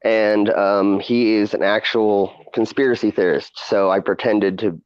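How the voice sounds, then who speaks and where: A man's voice: fairly low pitch, fairly even intonation, unhurried, clean tone, no echo, lo-fi sound. A man hosting a casual chat, rambling with many fillers and frequent laughs. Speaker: podcast host and streamer.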